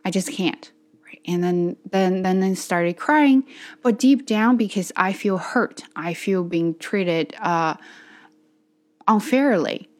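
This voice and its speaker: A tired woman talking in a casual personal vlog, earnest and self-reflective, speaking in halting phrases as she practices her English. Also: medium pitch. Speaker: channel host practicing English.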